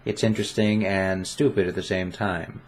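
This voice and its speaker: A man's voice: low voice, fairly even intonation, normal speed. A young man vlogging casually into a desk condenser microphone in front of his webcam, playful and self-mocking, rambling with restarts. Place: home room with webcam. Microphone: desk condenser mic.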